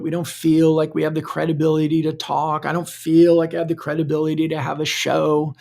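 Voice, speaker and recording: A man's voice: on the high side, creaky, darkish tone. A middle-aged man hosting a solo podcast, talking loosely and conversationally, often repeating words as he thinks aloud. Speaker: podcast host. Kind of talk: solo podcast monologue, live-streamed.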